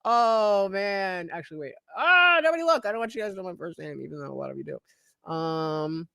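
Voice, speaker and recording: A man's voice: a little high, fairly quick, vocal fry, no echo, lo-fi sound. A man hosting a livestream, reading chat comments and rambling with many fillers. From New Jersey. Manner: rambling, lots of fillers, animated. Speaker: livestream host.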